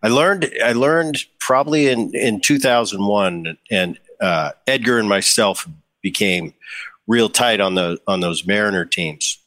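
A middle-aged man hosts a podcast, telling stories in relaxed conversation and animatedly acting out what others said. His voice is on the low side and measured in pace.

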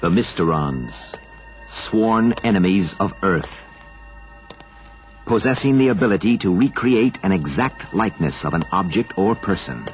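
A grave series narrator who delivers ominous, measured lines in a low voice that swings widely, with faint music underneath. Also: male voice, animated. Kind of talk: dramatic trailer narration.

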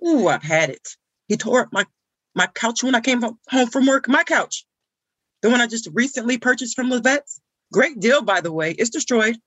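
A woman's voice: on the low side, a bit bright, dry recording. A woman performing a comic monologue as a frazzled woman stuck watching a wild puppy, telling it with indignant exclamations.

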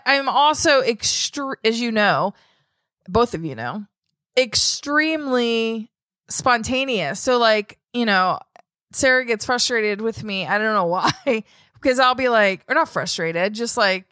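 Woman, high-pitched, bright, animated storyteller, casual podcast chat. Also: dry recording. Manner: animated storyteller, acts out quotes. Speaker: podcast co-host.

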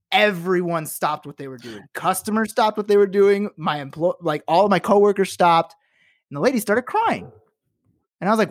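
A man co-hosting a podcast, telling a work story in a casual, animated and profane way and acting out the people he quotes. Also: fairly high pitch, normal speed, dry recording, clean studio sound. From works in Los Angeles. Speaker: podcast co-host.

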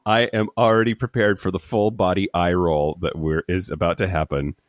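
A man's voice: low voice, steady tone, normal speed, no room sound, clean studio sound. A man co-hosting a podcast remotely while sick with covid, rambling and repeating words as he explains. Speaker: podcast co-host. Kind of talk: casual chat. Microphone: remote recording.

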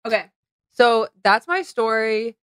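A young woman co-hosting a casual chat podcast, telling an animated story full of "like" and quoted dialogue. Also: on the high side, smooth, dry recording, clean studio sound. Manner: animated, fast storytelling with lots of "like". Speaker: podcast co-host.

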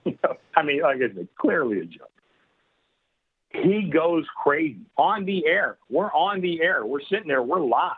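Casting: husky man, chatty storyteller, thin telephone-band sound. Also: fairly high pitch, very animated, a little slow. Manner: rambling, laughing often, many fillers. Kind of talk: casual anecdote telling. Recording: tinny phone-like radio line.

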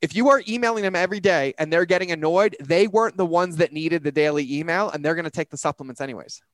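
A man talking as a business coach in a casual, animated way, full of slang and acted-out quotes. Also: fairly high pitch, quick pace, no room sound.

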